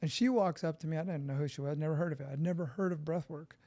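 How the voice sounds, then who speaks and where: A middle-aged man from California, a podcast guest, telling his story in an animated, profane way and acting out quotes. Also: fairly high pitch, fast talker.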